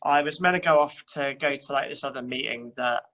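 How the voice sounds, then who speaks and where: Speaking fairly quickly at a medium pitch, a young man from England sounds bright and forceful on a rough recording. He's a church youth worker in casual conversation, self-deprecating and prone to fillers and restarts.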